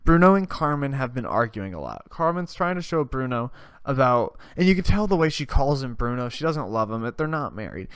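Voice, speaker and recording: A man's voice: mid-range voice, very animated, fairly quick, fairly bright tone, clear, resonant tone, no room sound, studio quality. A man hosting a podcast, retelling a story in a casual, rambling way, swearing and laughing often. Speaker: podcast host.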